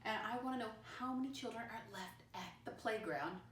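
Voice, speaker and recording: A woman's voice: fairly high pitch, fairly quick, fairly bright tone. Patient teacher woman, roomy and distant. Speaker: first-grade teacher. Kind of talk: recorded classroom lesson for young children. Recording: roomy, voice from a distance, faint background noise.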